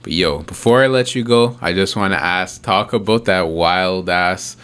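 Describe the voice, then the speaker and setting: Deep-voiced, laid-back podcast host. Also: male voice, normal speed, a bit bright, clear, resonant tone. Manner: laid-back, slangy, swears casually. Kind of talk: casual interview chat.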